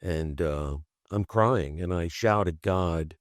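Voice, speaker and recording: Halting, animated man telling his story. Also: sits low, no echo, studio quality. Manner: halting and repetitive, restarting phrases; animated, acts out quoted voices. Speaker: podcast guest. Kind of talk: personal storytelling in conversation.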